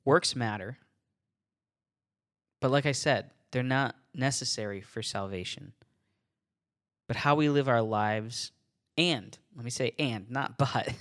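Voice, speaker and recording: Hosting a solo podcast about faith, a man speaks at an ordinary middle pitch in a relaxed, unscripted way. He goes slowly and pauses often, chuckling between thoughts and stumbling over and repeating words, yet stays earnest about his points.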